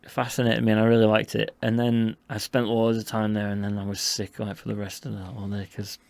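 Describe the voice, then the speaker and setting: A man's voice: lowish voice, completely flat delivery, brisk, vocal fry, darkish tone, dry recording. A man from Yorkshire, a podcast guest, chatting informally and saying "like" a lot. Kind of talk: casual chat.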